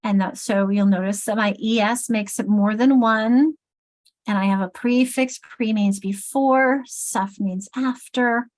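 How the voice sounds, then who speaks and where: A woman's voice: medium pitch, steady tone, a little slow, a little mellow. A middle-aged woman leading a teacher training session, thinking aloud and correcting herself as she writes on the board. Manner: thinks aloud while writing, self-correcting. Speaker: literacy trainer.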